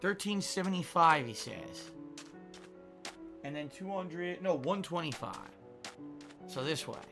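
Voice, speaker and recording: A man's voice: on the high side, expressive, unhurried, creaky, over music. A man streaming a game live, rambling, thinking aloud and reading out viewer tips. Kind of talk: live-stream gaming commentary.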